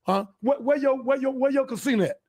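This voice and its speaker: Guy with a real high voice going off on a podcast, cussing, preaching, yelling now and then. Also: quick pace. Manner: fiery, profane, preachy, bursts into shouting. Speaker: podcast host. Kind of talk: heated monologue.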